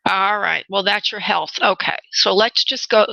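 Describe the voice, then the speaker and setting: A woman's voice: medium pitch, moderate pace, gravelly, bright, forceful tone, no echo. A woman hosting a call-in radio show as a spirit medium, chatty and affectionate, calling callers honey and laughing readily. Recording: slightly dull radio audio.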